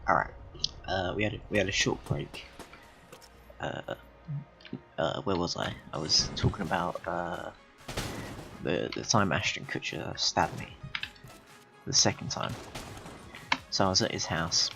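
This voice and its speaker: A man rambling through an absurd, deadpan story with frequent swearing while commentating on a game. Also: sits low, unhurried, creaky, pauses often, over music. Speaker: gaming video host. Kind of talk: rambling comedic gameplay commentary.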